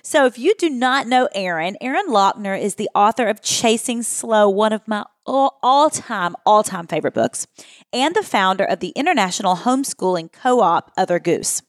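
A woman's voice: medium pitch, lively intonation, moderate pace, hardly any pauses, no room sound, studio quality. A woman from Kentucky with a Kentucky accent, hosting a podcast in a bubbly, gushing way. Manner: bubbly, gushing, laughs often. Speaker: podcast host. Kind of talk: casual interview chat.

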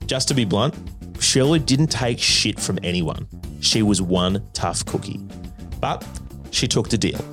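A man with a very deep voice reads scripted documentary narration in a measured, dramatic way. Soft guitar music sits underneath. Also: animated.

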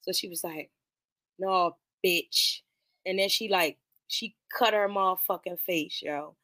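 A woman hosting a podcast, casually retelling and reviewing a film in animated, slangy speech full of profanity. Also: fairly low pitch, normal speed, dry recording. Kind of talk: casual movie commentary.

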